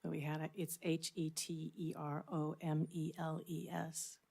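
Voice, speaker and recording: Woman, committee member, precise and enthusiastic, pitched a bit low. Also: flat delivery, a little slow, creaky, mellow, slightly rough. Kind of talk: meeting discussion.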